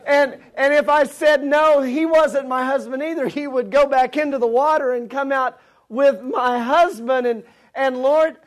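A man's voice: very high voice, fairly even intonation, unhurried, voice pushed up. A man voicing a simple, humble woman who earnestly pleads with the Lord in a joke. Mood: pleading.

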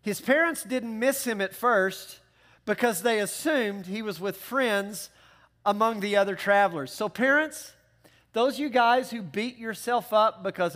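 A male pastor preaching a sermon in an animated, conversational way with joking asides. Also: high-pitched, unhurried.

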